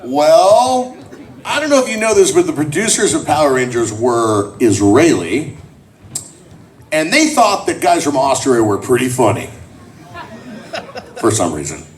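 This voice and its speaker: A man's voice: mid-range voice, a little slow, pauses often, far from the mic. A man telling jokes and stories to a convention crowd at a panel. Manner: joking, animated storyteller. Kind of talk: comedic panel talk to a crowd.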